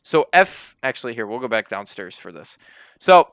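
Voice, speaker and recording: A man's voice: mid-range voice, big pitch swings, moderate pace, a bit bright, no echo. Rambling young man on a dry mic. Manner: rambling, apologetic, many fillers. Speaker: roleplay server police department leader. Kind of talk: casual gameplay walkthrough. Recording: dry, slightly dull lo-fi mic.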